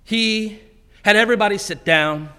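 A man preaching a sermon in a church, telling the story with animated delivery and acting out the quotes. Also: high-pitched, moderate pace, smooth. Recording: long hall reverb.

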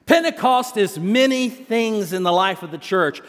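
A man preaching in a church sanctuary, measured and unhurried, with a humorous storytelling touch. His voice sits fairly high for a man. A long hall reverb follows each phrase. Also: expressive, a bit bright. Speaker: senior pastor. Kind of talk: sermon with storytelling.

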